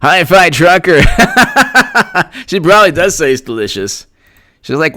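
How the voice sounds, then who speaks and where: A man hosting a political commentary livestream, reading out viewer comments and thanking them by name in an excitable, rambling way, often repeating himself. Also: a little high, a little slow, no echo, studio quality.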